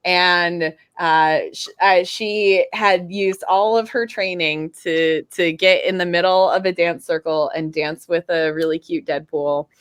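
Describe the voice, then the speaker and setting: A woman's voice: fairly low pitch, fairly even intonation, measured pace, hardly any pauses, clear, resonant tone, no echo, clean studio sound. A woman guest in casual fan chat, bubbly and rambling, with lots of fillers.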